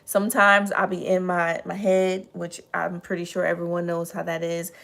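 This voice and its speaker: A woman hosting a casual motivational livestream, chatty and earnest, slightly hoarse, greeting viewers by name as she talks. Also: fairly low pitch, monotone, moderate pace, fairly bright tone. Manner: earnest, encouraging, addresses audience as y'all. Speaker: livestream host.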